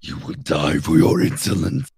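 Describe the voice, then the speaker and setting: A man's voice: big pitch swings, normal speed, a little mellow, no echo, heavily acted. A man voicing a haughty, lawful evil white dragon in a tabletop game, speaking in cold, menacing pronouncements. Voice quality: deep gravelly rasp.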